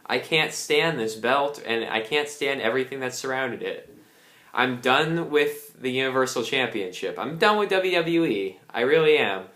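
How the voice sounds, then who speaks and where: A man's voice: medium pitch, expressive, normal speed, fairly bright tone. A young man giving a casual, angry ranting review, swearing a lot. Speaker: wrestling reviewer. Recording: roomy echo.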